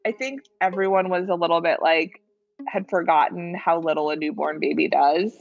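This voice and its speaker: A woman's voice: on the low side, steady tone, normal speed, gravelly, dull audio, soft background music. A woman in her thirties, a new mother, chatting frankly about life at home with a newborn and her kids. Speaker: new mother sharing voice memos. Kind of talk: casual chat and phone voice memos.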